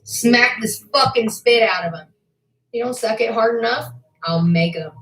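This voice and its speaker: A woman on a livestream, furious and profane, who swings between shouting and a low, seething voice. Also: a little slow, reverberant, faint music behind, poor audio. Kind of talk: angry livestream rant.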